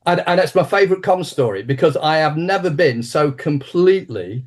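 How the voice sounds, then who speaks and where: A man's voice: on the high side, moderate pace. Man in his sixties telling stories. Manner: animated anecdotal storyteller with frequent restarts. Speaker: interview guest, martial arts teacher. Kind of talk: conversational interview storytelling.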